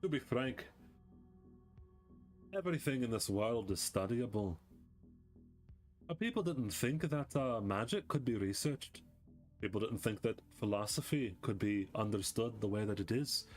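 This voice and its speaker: Man playing a proud scholar mage, slow and measured. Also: fairly low pitch. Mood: lofty. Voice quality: slow, measured and self-assured.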